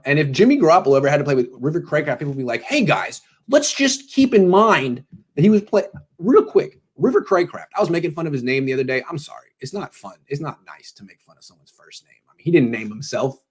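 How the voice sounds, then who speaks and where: A man's voice: medium pitch, slightly rough. A tired man hosting a pregame sports show, talking casually with jokes and self-deprecating tangents. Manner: joking, self-deprecating, meandering.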